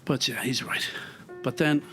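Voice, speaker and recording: Irish guy musing out loud on his treadmill, meandering and thoughtful, soft music under him. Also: medium pitch, steady tone, a little slow. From Ireland. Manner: reflective, rambling, with many fillers. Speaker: podcaster walking a treadmill. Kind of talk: casual thinking-aloud monologue.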